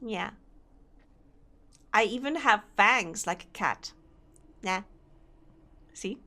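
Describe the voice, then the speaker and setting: A woman's voice: mid-range voice, lively intonation, extremely slow, bright, forceful tone. A young woman, chatting casually with her live-stream audience, giggly and chatty. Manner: giggly, chatty, reacting to chat.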